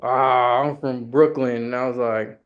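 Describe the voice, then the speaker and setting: A man's voice: medium pitch, fairly even intonation, a little slow. A man from New York co-hosting a podcast, telling profane stories and imitating his friends' voices. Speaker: podcast co-host. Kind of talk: casual chat. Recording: dull lo-fi sound.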